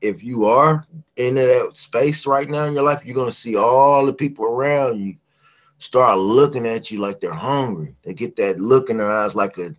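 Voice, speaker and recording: Animated storytelling man from West Virginia. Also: mid-range voice, moderate pace, muffled recording. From West Virginia, USA. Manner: animated, acts out quoted voices. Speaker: guest singer. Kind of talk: casual interview storytelling.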